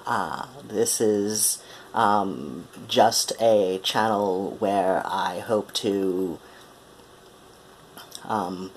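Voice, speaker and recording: A man's voice: fairly low pitch, fairly bright tone, slight background noise. A young man from Ohio who speaks with a transatlantic accent, introducing himself as a musician in a hesitant, tired vlog with lots of ums. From Ohio, USA. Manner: hesitant, full of ums and pauses.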